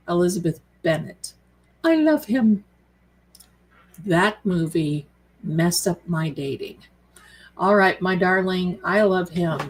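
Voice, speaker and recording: A woman hosts a tarot live stream, chatting casually and affectionately with viewers she calls her darlings, rambling as she reads out their comments. Her voice is on the low side, and the recording is rough.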